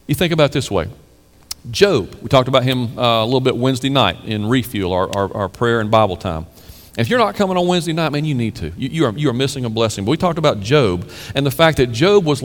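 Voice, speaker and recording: A man's voice: mid-range voice, long reverb tail. A man preaching a sermon as pastor, building to emphatic peaks and asking rhetorical questions of the congregation.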